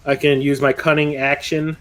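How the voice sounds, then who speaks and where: A man narrating a tabletop game as game master, casual and quick to laugh, swearing freely as he describes the action. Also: fairly high pitch, level tone, fairly bright tone, faint music behind.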